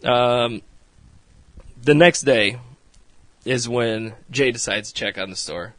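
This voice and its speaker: A podcast host rambles casually through a recap of a reality show, laughing a lot and swearing freely. His voice sits in the mid range, fairly bright, at a slow pace, with no echo.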